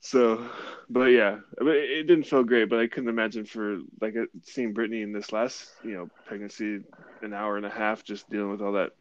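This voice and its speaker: A man's voice: lowish voice, steady tone, a little fast. Rambling young man over dull call audio. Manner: rambling with many "like"s and restarts. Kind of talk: casual chat. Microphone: video call.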